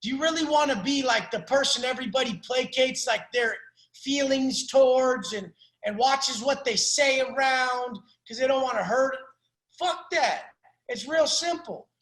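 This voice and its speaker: A man with a very high voice lays down blunt, profanity-laced coaching on a call. He talks in a preachy, no-nonsense way, and the sound rings around an echoey room. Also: measured pace, fairly bright tone. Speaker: life coach.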